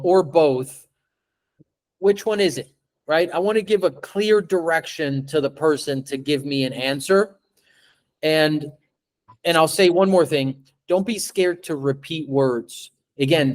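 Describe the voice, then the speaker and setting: A man running a live sales training on a video call, animated, stretching and repeating words as he acts out pitches to a client. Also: measured pace.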